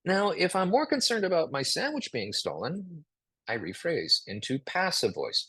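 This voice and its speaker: A husky-voiced man leads a live online writing class and reads his example sentences aloud with feeling. His pitch swings widely as he talks. The sound is close and dry, with no room around it. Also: big pitch swings, moderate pace, pushed and bright, no echo. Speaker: writing instructor.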